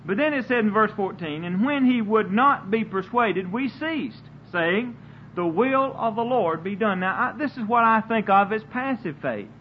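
High-voiced man preaching on a lo-fi tape. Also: animated. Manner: earnest, halting repeats of words. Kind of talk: sermon. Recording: dull lo-fi recording with faint hiss.

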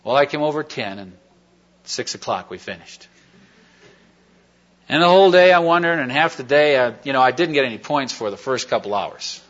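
A man's voice: medium pitch, animated, fairly quick, long pauses, fairly bright tone. A man giving a sermon testimony, telling a personal story in a rambling, folksy way with many fillers and restarts. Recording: dull lo-fi recording.

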